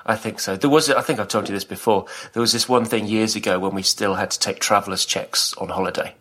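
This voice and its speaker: A man's voice: lowish voice, steady tone, fast, a bit bright. A middle-aged man from Britain, co-hosting a podcast and telling stories in casual chat, laughing often. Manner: chatty storyteller, laughs often. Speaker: podcast co-host.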